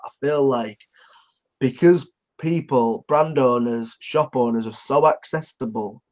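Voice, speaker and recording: A man's voice: mid-range voice, lo-fi sound. A man in casual podcast chat, bantering in a cheeky, sweary way.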